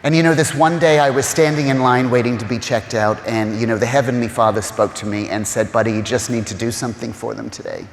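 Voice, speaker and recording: A man's voice: mid-range voice, fairly even intonation, quick pace, few pauses, slight background noise. A man with a mid-range voice tells his stories with earnest feeling, full of "you know" fillers. He comes close to tears at times. The sound is roomy, with a long reverb tail. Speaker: interview guest, real estate agent. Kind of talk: emotional conversational storytelling.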